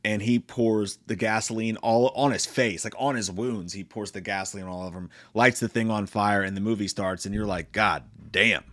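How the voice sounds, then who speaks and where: A man's voice: on the low side, normal speed, hardly any pauses, no echo. A man giving a casual, profane and joking spoken movie review. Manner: profane, joking, animated retelling.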